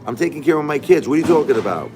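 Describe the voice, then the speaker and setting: A man's voice: a little high, lively intonation, very fast, dark tone, a little hiss or hum. A middle-aged man hosting a casual livestream, talking back to his chat in an emphatic, repetitive way. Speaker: livestream host.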